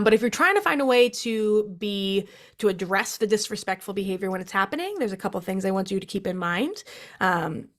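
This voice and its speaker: A young adult woman, a licensed therapist, giving a friendly, lively workshop talk with frequent "um"s. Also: mid-range voice.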